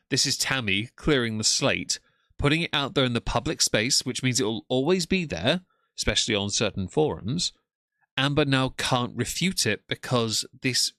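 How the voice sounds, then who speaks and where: A man commentating live over a stream with a bright, forceful tone and a mocking, sarcastic edge. He sounds dry and close to the mic, with no room sound around him. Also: medium pitch, no echo.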